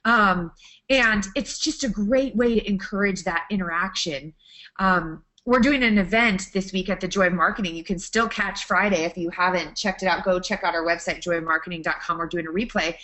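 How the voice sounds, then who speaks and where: A woman talks through business tips in a chatty, enthusiastic way. She restarts her sentences often as the ideas come to her. Her pitch sits in an ordinary middle range for a woman. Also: moderate pace, fairly bright tone. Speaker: guest speaker, photographer. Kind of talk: webinar talk.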